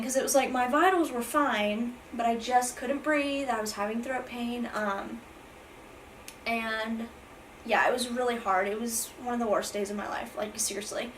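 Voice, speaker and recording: A woman's voice: on the high side, distant mic, slight background noise, low-quality recording. A young woman, rambling through an emotional storytime vlog with many fillers and restarts, near tears with her voice breaking. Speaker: vlogger.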